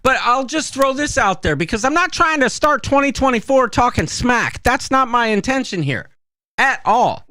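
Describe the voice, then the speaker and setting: Give me a man chatting as a podcast host, full of ums and likes, very expressive pitch. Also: normal speed. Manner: rambling storyteller, many fillers. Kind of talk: casual chat.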